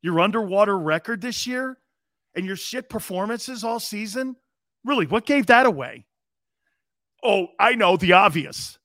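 A man's voice: high voice, animated, measured pace, bright, forceful tone, no echo, studio quality. A man in his fifties hosting a live sports talk show, brash and profane, mocking players as he talks.

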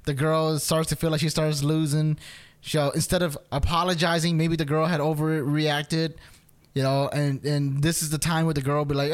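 A man with a fairly high speaking voice chats casually on a podcast. He tells an argument as a story and acts out both sides of it, jumping up in pitch for the other voices. He laughs often and swears in passing. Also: level tone, moderate pace, smooth. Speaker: podcast co-host. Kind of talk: casual chat.

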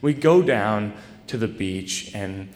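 A man telling a personal story to a live audience with a rambling, self-deprecating delivery full of halting restarts. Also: fairly low pitch, animated, darkish tone. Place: stage in a large hall. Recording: echoey live hall recording.

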